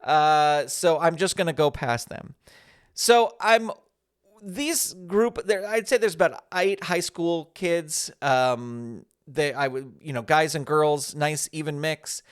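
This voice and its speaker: This fiftysomething podcast host takes it slowly, his fairly high voice clean in tone. He rambles through a self-deprecating story in a relaxed monologue, turning animated when he repeats what others said.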